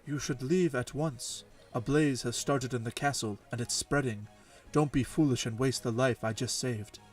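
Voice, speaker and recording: A man voicing a stern castle guard captain, slow and grave. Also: medium pitch, husky, far from the mic, faint music behind, close to an everyday voice.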